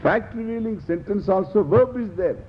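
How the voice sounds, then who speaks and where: A man's voice: lively intonation, moderate pace. Man with lecturing on scripture. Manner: explains Sanskrit terms in English, repeats key phrases. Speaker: Vedanta teacher. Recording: dull lo-fi lecture recording with faint rumble.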